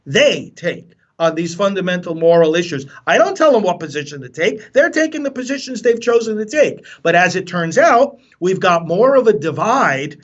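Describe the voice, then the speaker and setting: A priest speaking as a guest in an impassioned radio interview, forceful and preacherly, often repeating words as he starts a sentence. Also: high voice, very animated, moderate pace, hardly any pauses, muffled recording.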